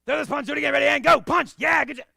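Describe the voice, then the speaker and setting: A man imitating a raspy male karate instructor who barks loud, clipped class commands. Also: very high-pitched, racing, dry recording, clean studio sound, pitched above the performer's own voice, full character voice. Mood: barking.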